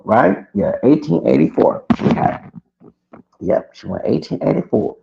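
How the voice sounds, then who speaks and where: A man with a gravelly, fry-heavy voice rants through a personal story, circling back and repeating himself. The sound is dull and lo-fi, and his level keeps jumping between loud bursts and low mutters. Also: lively intonation, a little slow, a little hiss or hum. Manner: heated, rambling, repeats himself, swings loud and soft. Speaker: vlogger. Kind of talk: ranting personal story to camera.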